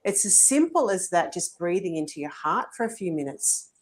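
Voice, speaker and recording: A woman's voice: on the low side, sing-song, normal speed. Earnest woman podcast host. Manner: earnest, searching, many fillers. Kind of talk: casual interview chat.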